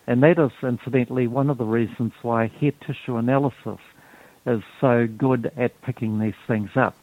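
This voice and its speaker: Brief: man, hesitant explainer, slow delivery, phone-line sound. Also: medium pitch, no echo. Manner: halting, many ums and restarts. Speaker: health guest explaining detox. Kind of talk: explanatory talk. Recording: tinny phone line, dry.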